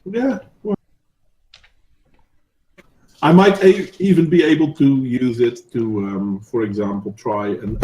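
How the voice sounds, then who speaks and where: A man's voice: medium pitch, a little mellow, distant mic. A man in casual chat, hesitant and trailing off as he talks. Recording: echoey room with faint noise.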